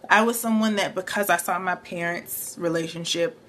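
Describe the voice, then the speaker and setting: Young woman talking earnest n reflective, kinda low voice, lots of ums. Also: fairly even intonation, moderate pace, fairly bright tone, slight background noise. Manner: earnest, reflective, filler-heavy. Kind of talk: personal testimony.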